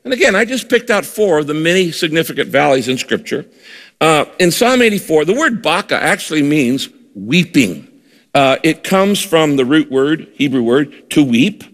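A man preaching a sermon to a congregation, emphatic, slowing down at times to drive home his points. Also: fairly high pitch, sing-song, a bit bright, long reverb tail. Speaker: pastor.

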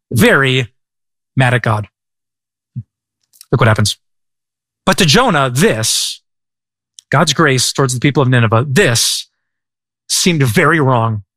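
Bright, casual male pastor. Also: a little high, no echo. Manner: casual, joking, conversational storytelling. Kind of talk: sermon.

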